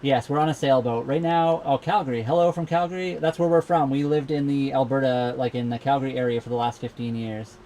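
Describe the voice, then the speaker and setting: A young man with a Canadian accent, originally from Saskatchewan, hosts an easygoing live Q&A from inside his docked sailboat at a marina. He speaks fairly quickly with few pauses, in a mellow, medium-pitched voice with fairly even intonation. He rambles with many fillers, and slight background noise is audible.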